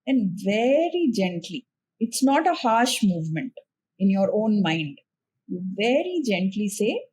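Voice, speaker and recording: A woman with an Indian English accent talks as a guest on a podcast, calm and patient. Her voice is slightly husky and sits at a middle pitch. She slows down gently whenever she gives step-by-step instructions. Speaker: spiritual teacher, podcast guest. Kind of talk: calm explanatory conversation.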